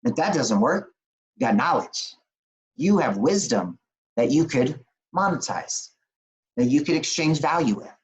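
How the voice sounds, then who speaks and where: A man as an interview guest, telling a motivational story in an animated, plain-spoken way with quick restarts. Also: a little high, rough recording. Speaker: interview guest, business coach.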